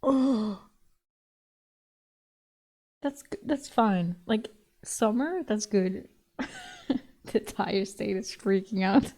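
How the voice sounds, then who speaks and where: A woman's voice: medium pitch, very slow, pauses often, dark tone. A young woman streamer chatting casually with her viewers, laughing often and swearing casually.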